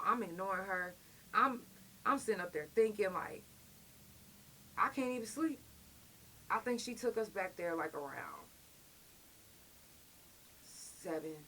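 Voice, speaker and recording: Animated profane woman telling a story. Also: mid-range voice, slight background noise. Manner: profane, animated, acts out quoted voices. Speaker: podcast host. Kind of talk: casual storytelling.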